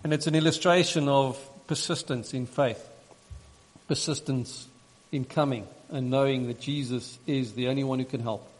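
A male preacher delivers a sermon in an earnest, measured way, stacking repeated phrases to drive each point home. His voice sits at an ordinary middle pitch. A long reverb trails his words through the large hall. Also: fairly even intonation. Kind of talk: sermon with scripture reading.

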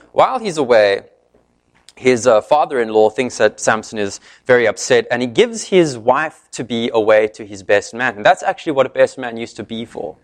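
A man preaching a sermon, retelling a story in an animated way and briefly voicing each character's lines. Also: medium pitch, moderate pace.

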